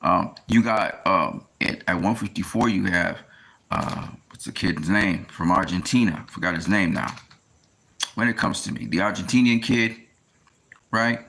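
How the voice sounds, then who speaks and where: Gravelly man rambling about boxing. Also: low voice, a bit bright. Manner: rambling, pauses to recall names. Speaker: boxing commentator. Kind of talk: casual monologue.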